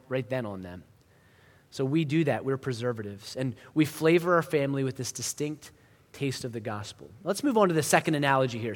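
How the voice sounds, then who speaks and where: A male pastor preaching a sermon in a conversational style, building to emphatic lines and then dropping to quiet ones. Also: mid-range voice. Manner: conversational preaching with rising emphasis and hushed drops. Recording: long hall reverb.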